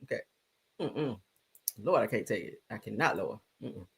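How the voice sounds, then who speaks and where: A woman hosting a live stream, chatting casually and loudly, laughing often and throwing slangy asides to her viewers. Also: rumbling low, moderate pace, vocal fry, husky. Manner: loud, laughing, animated gossip with slangy asides.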